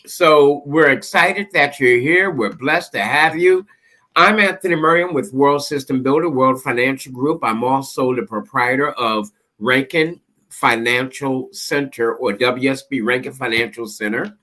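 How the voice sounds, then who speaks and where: A man's voice: mid-range voice, measured pace, sharp tone. A man co-hosting a live online talk show who owns an insurance agency, joking and easygoing. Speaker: co-host and insurance agency owner.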